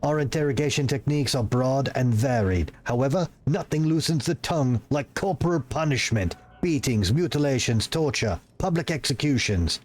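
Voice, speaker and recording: A man's voice: mid-range voice, expressive, normal speed, few pauses, darkish tone, lightly acted. A man voicing a cruel female master-at-arms in a game, speaking in a clipped, cold, relishing manner.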